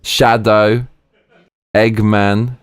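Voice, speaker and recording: A man's voice: fairly low pitch, extremely slow, smooth. Slangy man hosting a stream. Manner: excitable, slangy, chatty. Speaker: streamer host. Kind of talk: live stream commentary.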